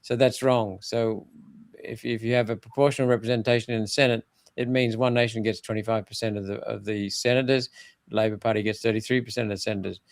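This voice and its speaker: A man's voice: fairly low pitch, steady tone, fast, dry recording. An older man, speaking bluntly and emphatically in an interview, often restarting his phrases. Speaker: former senator interviewed as guest. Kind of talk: political interview talk.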